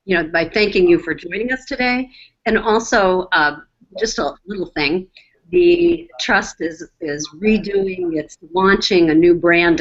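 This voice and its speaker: A woman welcoming attendees to a grant webinar, warm and a little hesitant, over a video call. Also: lowish voice. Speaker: executive director welcoming attendees. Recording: dull lo-fi online call audio.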